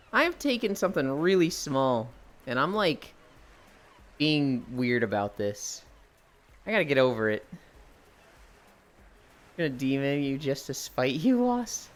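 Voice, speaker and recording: Animated, rambling male streamer. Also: medium pitch, unhurried, pauses often. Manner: talks while exercising on a walking stream. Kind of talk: casual live-stream chat.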